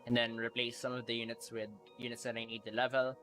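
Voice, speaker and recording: A man live-streaming a video game, chatting casually with viewers, excitable and quick to laugh. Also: medium pitch, faint music behind.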